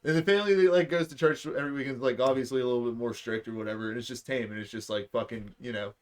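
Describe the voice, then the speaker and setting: A young man co-hosting a podcast, telling stories in casual, profane, animated chat. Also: medium pitch, very fast. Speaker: podcast co-host.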